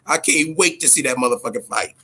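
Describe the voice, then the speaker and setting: A man's voice: medium pitch, a little fast, bright, forceful tone. Profane, loose-talking man hosting a livestream. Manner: loose, profane, repetitive, talking to chat viewers. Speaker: boxing show host. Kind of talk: casual livestream chat.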